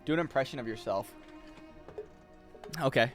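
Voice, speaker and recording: A man's voice: mid-range voice, moderate pace, faint music behind. A male streamer rambling and joking casually with his chat while he plays. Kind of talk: casual game-stream chatter.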